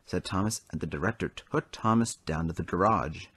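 A man narrating a toy train story in an animated storybook manner. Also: low voice, moderate pace, breathy edge, no echo.

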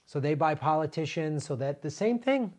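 A middle-aged man hosts a political commentary show, speaking with animated indignation and repeating points for emphasis. His voice sits on the high side and his pace is moderate.

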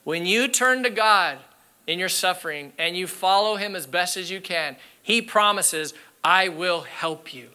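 A man's voice: sits high, moderate pace, pushed and bright, clean tone. A man, a pastor, preaching a sermon in an earnest, candid storytelling way, repeating key phrases for emphasis. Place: church sanctuary.

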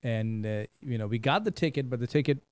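A middle-aged man from India, hosting a talk show and telling stories in a casual, animated way, often repeating words. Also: mid-range voice, fairly quick, clean tone, no echo. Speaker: host. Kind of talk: casual storytelling chat.

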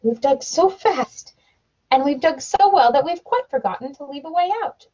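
A woman's voice: sits high, animated, moderate pace, warm tone, voice pushed up. A woman reading a picture book aloud and speaking the lines of a cheerful steam shovel man in a matter-of-fact way. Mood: rueful. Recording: dull lo-fi home recording.

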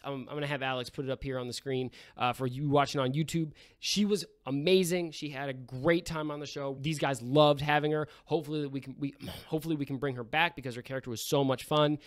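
A man's voice: a little high, fairly bright tone, lightly acted. A man putting on a brash young fraternity bro reading a comedic sponsor plug, rambling and calling everyone bro. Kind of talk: comedic sponsor read in character.

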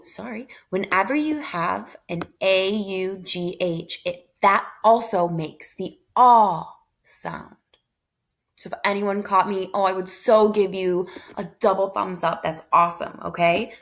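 Female phonics teacher, slow and deliberate, slightly low voice, encouraging. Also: fairly bright tone. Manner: slow, deliberate sounding-out of letters with encouraging praise. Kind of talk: phonics review lesson.

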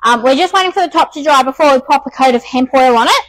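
A woman's voice: sits high, fast talker, poor audio. A woman with an Australian accent, out of breath, chatting casually with many ums while restoring furniture on a live stream.

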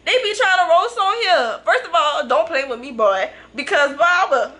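A young woman from Louisiana with a Creole accent, vlogging in an animated, laughing, playfully indignant way. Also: extremely high pitch, normal speed. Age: young adult. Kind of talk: casual chat to viewers and strangers on a video app.

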